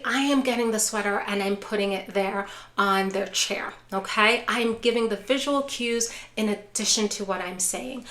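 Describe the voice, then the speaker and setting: A woman's voice: on the high side, fairly bright tone. A woman neuropsychologist teaching family caregivers to camera, coaching them with frequent "right?" and "okay?" check-ins. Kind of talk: educational talk to camera. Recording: echoey room.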